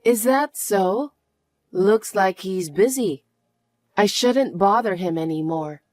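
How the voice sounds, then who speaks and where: A woman's voice: mid-range voice, a little slow, dry recording, close to an everyday voice. A woman voicing an elderly mother-in-law who needs care, speaking plaintively in a narrated family drama. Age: older. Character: elderly mother-in-law needing care, meek, then suspicious.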